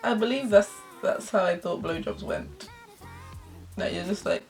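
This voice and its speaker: Brief: young woman vlogger, lowish voice, reads aloud with giggly, self-mocking asides. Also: unhurried, faint music behind. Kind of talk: reading old fan fiction aloud with commentary.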